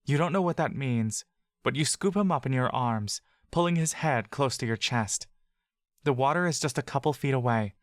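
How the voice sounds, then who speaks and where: Man narrating a fantasy audiobook, middle-pitched, calm and steady, dry close mic. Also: normal speed, no echo. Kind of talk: second-person fantasy story narration.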